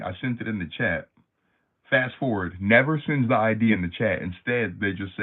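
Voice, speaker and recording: Brief: lower-pitched male streamer, slangy and animated, tinny phone-like audio. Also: normal speed, long pauses. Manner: animated, slangy, many fillers. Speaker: livestream host. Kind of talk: casual livestream storytelling.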